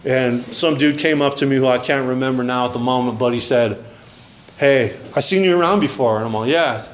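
A man's voice: mid-range voice, fairly quick, slight background noise. A man telling his recovery story at a meeting in a casual, rambling, slangy way, often saying man and dude. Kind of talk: casual personal testimony.

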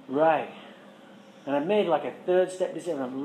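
A man's voice: a little high, expressive, moderate pace, a little mellow, reverberant, a little hiss or hum, rough recording. A man frankly telling his recovery story to a live audience, swearing and joking wryly. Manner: frank, profane, wry, conversational.

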